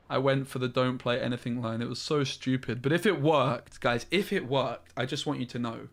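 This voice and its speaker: A man's voice: medium pitch, steady tone, normal speed, hardly any pauses. A man streaming a card game, thinking aloud in a frustrated way and swearing often. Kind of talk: live-streamed gameplay commentary.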